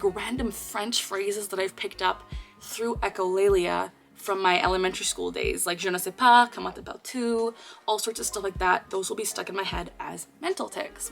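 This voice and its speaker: A young woman speaks straight to her viewers in a loose, chatty way, padding her explanations with fillers. Her voice carries a gravelly fry at the ends of phrases, and a faint bit of music sits underneath. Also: mid-range voice, a bit bright. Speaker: video creator. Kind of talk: casual talk to camera.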